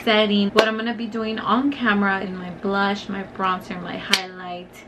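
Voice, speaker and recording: A young woman tells a story as she does her makeup, swearing freely and using lots of fillers. Her voice sits at an ordinary middle pitch. She is close to the camera mic, with a faint noise behind her. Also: moderate pace. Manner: profane, filler-heavy, animated storytelling. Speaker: beauty vlogger. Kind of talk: casual storytime while doing makeup.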